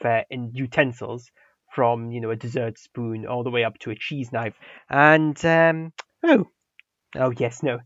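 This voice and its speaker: A man doing a fussy gentleman. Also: mid-range voice, no room sound, natural voice. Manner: polite, flustered, stammers and mutters to himself. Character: fussy, prim adult male English gentleman. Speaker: player voicing his character. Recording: dull, lo-fi mic.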